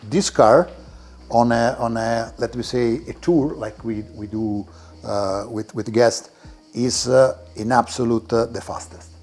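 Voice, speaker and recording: A man with an Italian accent, a car collector giving a tour of his garage and talking in halting English with many restarts. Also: mid-range voice, darkish tone. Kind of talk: casual interview while walking a car collection. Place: indoor garage.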